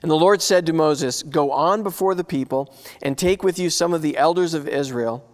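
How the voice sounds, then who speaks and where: Guy preaching, kinda high voice, chatty sermon w/ lots of questions, echoing church hall. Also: normal speed, darkish tone. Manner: conversational preaching with rhetorical questions. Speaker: pastor.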